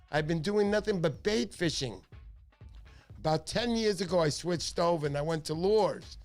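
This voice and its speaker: A middle-aged man hosting a livestream, his voice sitting a bit high for a man. He chats casually and tells excitable stories, acting out the voices of the people in them. Faint music plays underneath. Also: clear, resonant tone. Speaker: livestream host.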